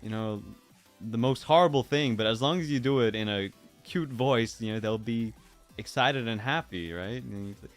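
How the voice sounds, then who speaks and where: A man's voice: medium pitch, moderate pace, soft background music. A man chatting casually on a livestream, musing aloud in a playful way and drifting into silly voices. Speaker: streamer.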